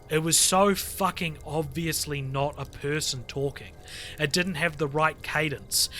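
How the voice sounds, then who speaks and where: Guy reading creepypasta out loud, bright voice, swears a lot, faint music under. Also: on the high side. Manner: animated storyteller, swears freely, breaks off to chat. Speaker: podcast co-host reading stories. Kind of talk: reading a horror story aloud, casual.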